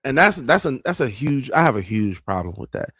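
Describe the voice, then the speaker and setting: A man's voice: mid-range voice, big pitch swings, fairly quick, fairly bright tone, slightly rough, no echo. A man hosting a casual commentary show, talking conversationally with lots of fillers and emphatic points. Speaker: podcast host.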